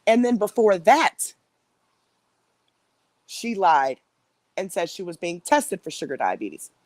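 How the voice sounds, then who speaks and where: A woman's voice: mid-range voice, wildly swooping pitch, normal speed, a little mellow, no room sound. A middle-aged woman, hosting a livestream in a casual, rambling way with plenty of fillers and restarts. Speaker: livestream host.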